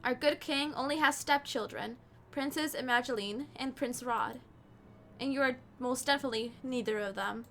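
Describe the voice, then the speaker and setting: A rude shopkeeper snaps and scolds, played by a woman with a high, bright voice. The delivery is harsh, bossy and scornful, pushing someone away from the door. It comes across as a game character read aloud by a streamer. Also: normal speed, a little hiss or hum.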